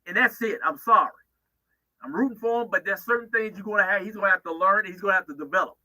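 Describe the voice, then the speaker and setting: A man's voice: high-pitched, fast talker, sharp tone, poor audio. A man giving opinionated football analysis on sports talk radio, emphatic and often restarting his phrases.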